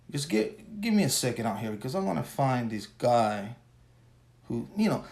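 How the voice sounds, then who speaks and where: A solo podcast host in his forties, tired after a long workday, goes off on a casual, crude, profane, wandering rant. His mid-range voice is creaky and a little mellow, very animated but unhurried.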